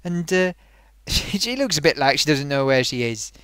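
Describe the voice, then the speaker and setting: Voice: mid-range voice, big pitch swings, moderate pace, a bit bright, clear, resonant tone, no room sound. Rambling sarcastic film reviewer. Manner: frequent fillers and amused laughs. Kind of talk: ranting spoken review.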